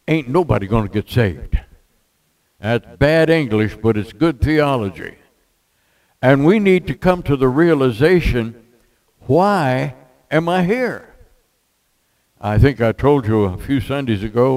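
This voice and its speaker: Slow, folksy older preacher. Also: male voice, mid-range voice, a little mellow, low-quality recording. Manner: folksy preaching with jokes and scripture quotes. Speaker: pastor. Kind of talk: sermon.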